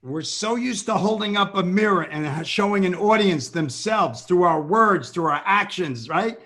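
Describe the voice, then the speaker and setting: A man's voice: high-pitched, animated, moderate pace, bright, forceful tone. A male comedian hosting a casual podcast chat, laughing often and telling stories emphatically.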